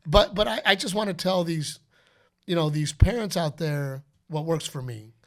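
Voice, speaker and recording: Animated high-voiced man telling stories. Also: moderate pace. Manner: animated storytelling, acts out quotes and announcer calls. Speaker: podcast host. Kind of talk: casual chat.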